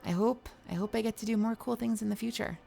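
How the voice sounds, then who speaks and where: A woman's voice: a little high, fast talker, creaky, warm tone. A young woman livestreaming, chatting casually with her viewers and reading their messages aloud, sleepy and yawning, swearing now and then. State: tired, yawning. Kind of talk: casual live-stream chat with viewers. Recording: faint music behind.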